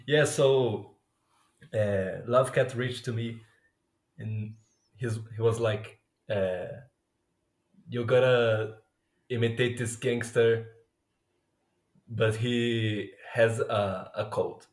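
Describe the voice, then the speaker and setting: Slow-talking laid-back man, echoey room. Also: mid-range voice, fairly even intonation. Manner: laid-back, swears freely. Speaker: podcast co-host. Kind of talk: casual podcast chat.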